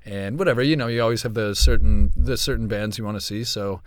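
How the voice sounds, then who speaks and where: A man's voice: fairly low pitch, quick pace, no room sound, studio quality. A man being interviewed, speaking in a laid-back, easygoing way, often hesitating and restarting. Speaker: guest. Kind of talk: casual interview chat.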